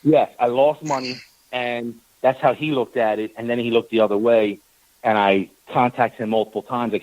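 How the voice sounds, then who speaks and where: A man's voice: mid-range voice, normal speed, no room sound, lo-fi sound. A man, a team owner, telling a long story on a talk radio show, acting out the exchanges and repeating words when worked up. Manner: animated storyteller, acts out quoted exchanges.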